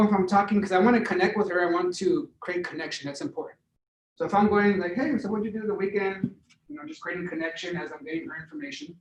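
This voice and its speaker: A man leading a sales training session, energetic and hands-on, who keeps checking in with his audience. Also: sits high, a little hiss or hum. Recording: roomy, echoey sound from far off the mic.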